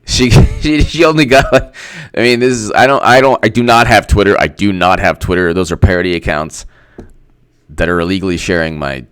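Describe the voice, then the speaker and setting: A man's voice: sits low, fairly bright tone, clear, resonant tone, no echo. A man giving casual political commentary in a sarcastic, mocking way, laughing often.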